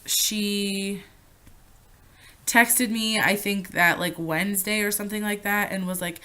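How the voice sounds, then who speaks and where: A young woman vlogger telling a personal story, animated and full of swearing. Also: medium pitch, measured pace. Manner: animated, profane retelling. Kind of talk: casual storytime vlog.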